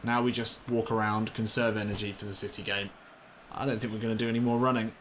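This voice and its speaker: A man commentating on his own football video game session, excitable and swearing, shouting when things go wrong. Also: lowish voice, fast talker, slight background noise. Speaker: gaming commentator.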